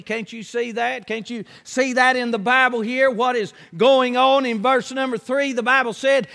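A man preaching a folksy, emphatic sermon that rises to shouts. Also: very high-pitched, steady tone, normal speed, vocal fry, hardly any pauses, in a large hall.

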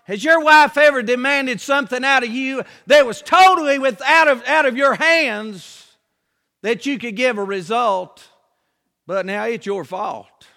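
High gravelly preacher man, folksy, hollers sometimes, big echoey hall. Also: measured pace. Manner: folksy, emphatic preaching, shouting on key lines. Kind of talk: sermon.

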